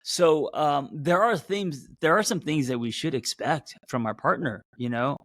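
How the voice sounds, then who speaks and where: A man who hosts as a therapist, talking loosely to a live audience, with many fillers and restarts, and a voice that sometimes jumps up high. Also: unhurried, a bit bright, no echo, studio quality. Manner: voice jumps up in pitch at times. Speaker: therapist and podcast host. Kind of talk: casual live-stream talk.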